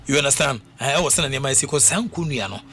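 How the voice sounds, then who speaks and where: A Ghanaian man talking casually on the radio as host, animated and repetitive, with many fillers. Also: mid-range voice, quick pace. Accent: Ghanaian English. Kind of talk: casual radio talk mixing English and Twi.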